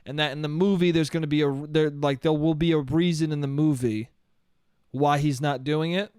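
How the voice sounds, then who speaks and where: A man's voice: fairly high pitch, steady tone, moderate pace, a little mellow, smooth, dry recording, studio quality. A young man ranting on his own comedy podcast, rambling and swearing, with "dude" thrown in often. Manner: profane, rambling, says "dude" a lot. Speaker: podcast host. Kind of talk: solo comedic podcast rant.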